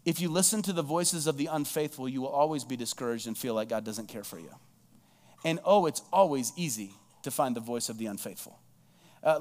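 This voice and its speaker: High-voiced man preaching a sermon. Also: big-room sound. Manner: preaching with rhetorical questions, quoting scripture. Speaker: pastor.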